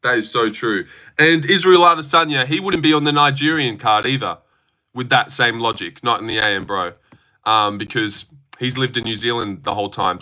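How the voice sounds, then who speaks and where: A man's voice: fairly low pitch, sharp tone. A young man on a live stream, reading and answering chat with sarcastic, argumentative, swear-filled talk.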